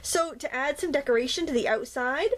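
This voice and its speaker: A woman's voice: high voice, a little fast, slight background noise. A woman hosting a craft tutorial, chatting casually through each step and gushing over how cute the results are.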